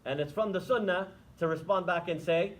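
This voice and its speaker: A man's voice: high-pitched, a little fast, a crowd in the background, poor audio. A man giving an Islamic lecture to students, talking conversationally and asking the audience rhetorical questions, then taking questions. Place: lecture room.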